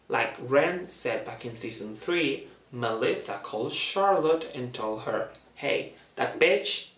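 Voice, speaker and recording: A man talking through a fan theory in a chatty, dramatic way, acting out quotes in a high voice. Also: fairly bright tone, roomy sound. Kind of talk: casual fan theory talk.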